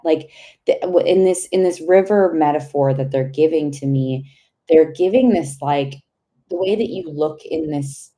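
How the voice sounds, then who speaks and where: A young woman with a low, soft, mellow voice gives a live intuitive tarot reading. She rambles and gropes for words, breaks into sudden excited outbursts and swears casually. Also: low-quality recording. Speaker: tarot reader.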